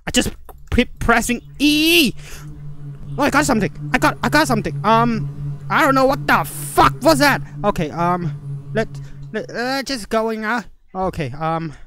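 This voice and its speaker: A gamer commenting on a horror game in broken, second-language English, swearing and shouting at the screen. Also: medium pitch, gravelly. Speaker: let's play gamer.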